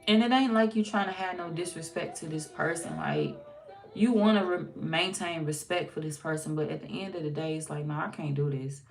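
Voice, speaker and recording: Low raspy lady reading tarot, talks like she's chatting with a friend, acts out what people say. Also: a little fast, faint music behind. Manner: chatty, acts out quoted dialogue, swears. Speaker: tarot reader.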